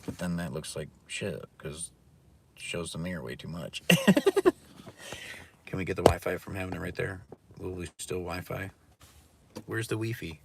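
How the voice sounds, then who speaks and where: A man's voice: low-pitched, sing-song, a little slow, vocal fry, long pauses, noisy background. A man livestreaming a casual, profane rant, talking bluntly and mockingly. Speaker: live streamer. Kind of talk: casual ranting monologue. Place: indoors near a mirror.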